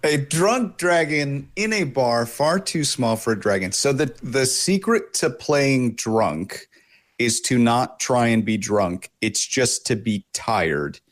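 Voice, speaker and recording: Slow-talking voice actor as a guest. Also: male voice, medium pitch, expressive. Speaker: voice actor and dungeon master, guest. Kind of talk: casual interview chat.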